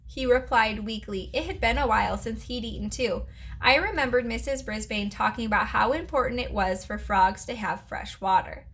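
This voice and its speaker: Bright-voiced woman reading a storybook. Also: a little high, normal speed, a little hiss or hum. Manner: lively storytelling with playful character voices. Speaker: teacher reading aloud. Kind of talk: reading a children's chapter book aloud.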